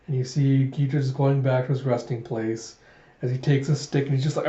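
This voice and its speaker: A man's voice: mid-range voice, steady tone, a little fast, warm tone, reverberant, highs cut off. A man casually recapping a manga, narrating scenes and acting out the characters' lines. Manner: recaps with "he's like", acts out lines. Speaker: manga reviewer. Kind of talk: casual comic readthrough.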